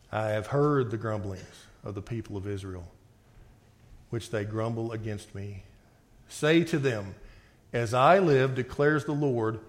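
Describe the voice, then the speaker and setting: A man preaching a sermon and reading scripture aloud, swinging between forceful outbursts and quiet reading. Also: medium pitch. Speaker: pastor.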